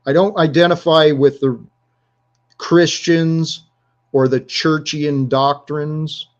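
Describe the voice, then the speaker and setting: Man hosting a panel, slow halting speech, dull lo-fi audio. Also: on the high side, steady tone. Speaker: host. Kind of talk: casual panel discussion.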